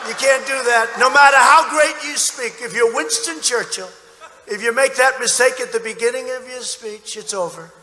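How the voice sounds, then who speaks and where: A political candidate with a very high-pitched, pushed, bright voice gives a campaign rally speech at a moderate pace. He's boastful and repetitive, tossing in mocking asides. The large indoor arena is echoey, with a cheering crowd audible in the background.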